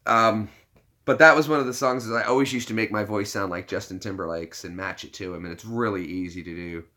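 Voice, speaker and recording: A man's voice: lowish voice, a little fast, pushed and bright. A man chatting casually to viewers on a live stream, rambling through filler-heavy restarts and joking at his own expense with frequent laughs. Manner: joking, self-deprecating, laughs often.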